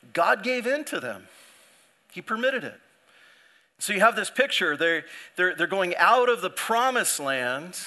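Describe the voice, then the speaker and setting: A man's voice: sits high, sharp tone. A male pastor preaching a sermon in a conversational way, often restarting his sentences and acting out the people he quotes.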